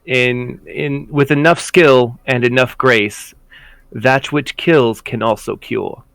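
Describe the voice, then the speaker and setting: A man's voice: mid-range voice, slow pace, fairly bright tone, clean tone, no room sound. A man voicing a sly creature with a black shell who works as a cook. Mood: earnest.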